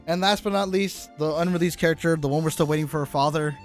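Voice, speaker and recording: A man's voice: on the high side, fast, faint music behind. A young man hosting a casual gaming chat, talking in a loose, rambling way with restarts and the odd curse. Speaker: gaming YouTuber host.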